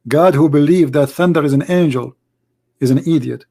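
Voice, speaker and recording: A man with a hoarse, worn-out voice leads a live religious polemic stream. His voice sits a bit high, and he speaks in emphatic, non-native English, piling up rhetorical questions. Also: moderate pace, dark tone. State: hoarse, voice nearly gone. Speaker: livestream debate host.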